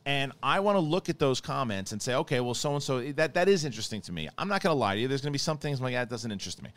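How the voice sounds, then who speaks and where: A man hosting a podcast, chatting casually in a rambling, animated way with many restarts. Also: medium pitch, very fast, dry recording. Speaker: podcast host. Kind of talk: casual chat.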